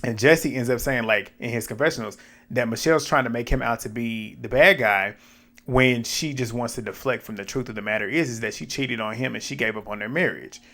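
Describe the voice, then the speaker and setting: Man giving a blunt, animated recap. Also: mid-range voice, fairly quick. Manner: animated and blunt, swears, laughs, repeats reactions. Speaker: reality TV recap YouTuber. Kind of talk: casual recap commentary.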